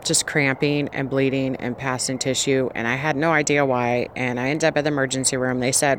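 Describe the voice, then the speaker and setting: A woman's voice: a bass voice, fairly even intonation, a little fast, few pauses, a little hiss or hum. A pregnant woman vlogger giving an earnest, rambling personal faith testimony, often restarting her sentences.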